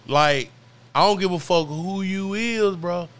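A man's voice: high voice, measured pace, fairly bright tone, smooth. Stammering, laid-back male podcast host. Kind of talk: casual podcast chat.

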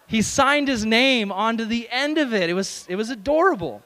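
A young adult man, a youth pastor, telling a lively self-deprecating story in a sermon and acting out the voices. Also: high voice, a little fast. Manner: animated, self-deprecating, acts out voices in stories.

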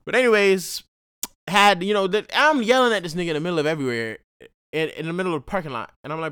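A man's voice: high-pitched, fast talker, fairly bright tone, clear, resonant tone, no echo, clean studio sound. A young man hosting a podcast, telling stories casually in slangy, profane talk. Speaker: podcast host and college student. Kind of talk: casual storytelling monologue.

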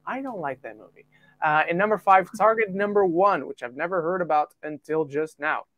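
Man hosting a podcast, fairly high voice, jokey and animated, dry close sound. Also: no echo. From United Kingdom. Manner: lively, reads out listener rankings with quick jokey asides. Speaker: podcast host. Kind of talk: casual podcast chat.

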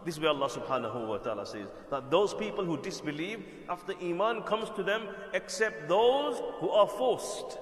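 An Islamic preacher with a high-pitched, expressive voice tells a religious story fast, in a conversational lecture style. He repeats words and checks in with his listeners, his voice carrying through an echoey hall with long reverb.

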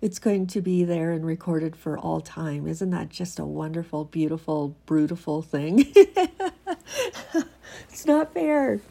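A woman's voice: sits low, level tone, normal speed, creaky, few pauses, slightly rough. A woman with a congested, stuffy voice chats casually, then reads her own reflective piece in an earnest way. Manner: warm, earnest, chuckles often. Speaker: vlogger reading her own writing.

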